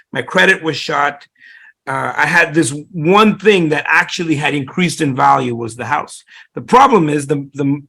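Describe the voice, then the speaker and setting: A man's voice: fairly high pitch, gravelly, bright, forceful tone. A middle-aged man, a real estate investor, telling his story in an interview, rambling with many restarts and fillers.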